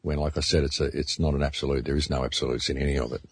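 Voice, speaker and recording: Man, announcer, low gravelly-husky voice, dry close sound, earnest, stumbles over words. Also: flat delivery, very fast, no echo. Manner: earnest, repeats words when thinking. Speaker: radio announcer, guest. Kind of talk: casual discussion.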